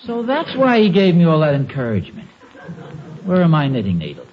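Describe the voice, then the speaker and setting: A man's voice: fairly high pitch, wildly swooping pitch, fairly quick, slight background noise. A man acting a sheepish, stammering husband in a 1940s radio sitcom, muffled old recording.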